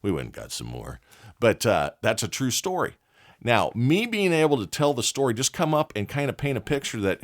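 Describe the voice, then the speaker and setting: A man's voice: medium pitch, very animated, moderate pace. A man hosting a leadership podcast, telling a candid, folksy story and chuckling often. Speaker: podcast host.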